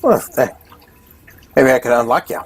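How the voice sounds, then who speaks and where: A man's voice: mid-range voice, expressive, moderate pace. A man playing a tabletop game, speaking in character in a playful, chatty way. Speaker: player.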